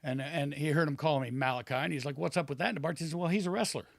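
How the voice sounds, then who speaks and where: A man's voice: a little high, rapid-fire, creaky, no room sound, clean studio sound. A man in his fifties, a retired wrestler, casually telling long rambling stories on a podcast, acting out what people said. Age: 50s. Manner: rambling anecdotes with acted-out quotes. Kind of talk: casual storytelling chat.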